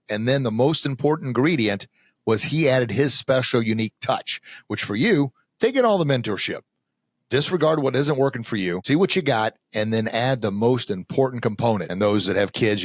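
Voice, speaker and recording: A man, a confidence coach being interviewed on a podcast, talking in an energetic, emphatic, motivational way. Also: mid-range voice, moderate pace, dry recording, clean studio sound.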